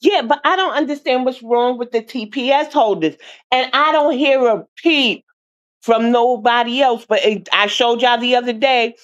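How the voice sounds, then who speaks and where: A woman's voice: fairly high pitch, normal speed. Woman streamer host, blunt and fed up, talking to her viewers, dull lo-fi audio. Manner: blunt, exasperated, addresses viewers as y'all. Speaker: online show host. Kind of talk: casual livestream commentary.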